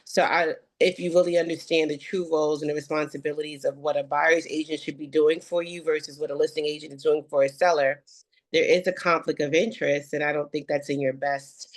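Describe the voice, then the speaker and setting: A woman real estate agent practicing a sales script on a video call, earnest and a little halting. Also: sits low, fairly even intonation. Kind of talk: script practice role-play.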